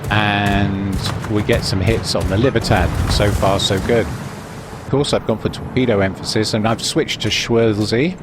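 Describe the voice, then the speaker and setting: A man giving relaxed, rambling voice-over commentary on his own gameplay, with fillers and restarts. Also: on the low side, noisy background. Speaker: gaming commentator.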